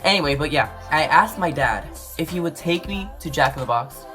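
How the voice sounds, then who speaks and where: A woman's voice: low voice, lively intonation, a little fast, music in the background. A woman vlogging to camera, ranting in a rambling, exasperated way and saying "like" constantly. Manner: exasperated, rambling, says "like" a lot; swings between loud and muttered.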